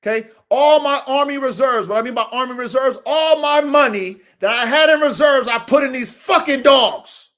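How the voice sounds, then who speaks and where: A man with a high-pitched voice delivers a rough, profane motivational rant as a podcast host. He drops to low mutters, then climbs into shouts, preaching straight at the listener. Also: normal speed, few pauses.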